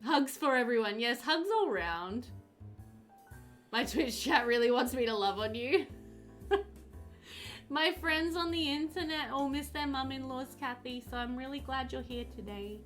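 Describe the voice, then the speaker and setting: Her voice is high-pitched and unhurried: a young woman streaming a game with soft background music. She chats warmly and casually with viewers, reading their messages out loud and giggling often along the way.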